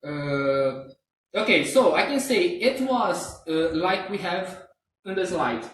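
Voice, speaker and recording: A man's voice: high-pitched, lively intonation, slow, fairly bright tone. A man teaching English grammar in a live online class, patiently checking understanding again and again. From Brazil. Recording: roomy, distant from the mic, faint hiss.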